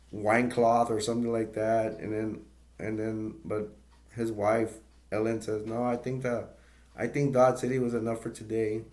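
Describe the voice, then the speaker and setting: A man's voice: mid-range voice, a little mellow. A man casually retelling a movie's plot as a reviewer, rambling with many fillers, restarts and brief laughs.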